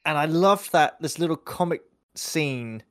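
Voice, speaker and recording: Male podcast co-host, rambling and animated, a shade higher-pitched than most men. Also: unhurried, dry recording, clean studio sound. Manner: animated, rambling, acts out scenes. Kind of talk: casual film-review chat.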